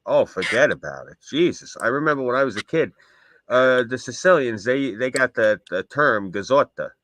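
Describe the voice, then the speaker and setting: A man's voice: medium pitch, lively intonation, normal speed, a bit bright. A man co-hosting a casual stream, telling rambling anecdotes. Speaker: stream co-host. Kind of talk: casual stream chat, storytelling. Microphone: desk mic on a stream.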